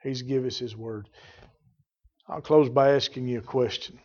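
A man preaching a sermon, fervent, rising to loud emphatic bursts. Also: medium pitch, fairly even intonation, unhurried, highs cut off. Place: church.

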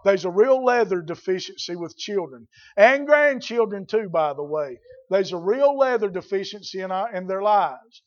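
Male preacher, plainspoken sermon, high voice, muffled old recording. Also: animated, moderate pace. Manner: folksy, blunt, builds to shouting.

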